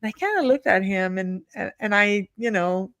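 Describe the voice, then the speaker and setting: A woman, a leadership expert telling stories in a sarcastic, animated way on a video call. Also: medium pitch, moderate pace, no echo. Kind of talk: casual chat on a livestream.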